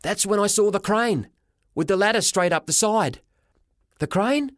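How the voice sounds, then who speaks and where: A man narrating a children's story as a boy, with a lively, dramatic reading. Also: high voice, normal speed, no echo, clean studio sound. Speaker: audiobook reader. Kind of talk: storybook narration in a boy's first person.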